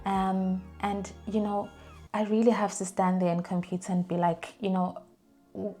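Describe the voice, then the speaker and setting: A young adult woman vlogging in a casual storytelling way, chatty and animated, with plenty of fillers and restarts as she acts out the phrases she quotes. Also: medium pitch, normal speed, faint music behind.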